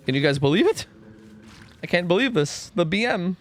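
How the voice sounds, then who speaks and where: A man's voice: high-pitched, sing-song, moderate pace. A young man streaming a game, chatting casually and rambling through answers to chat, often stumbling and repeating words.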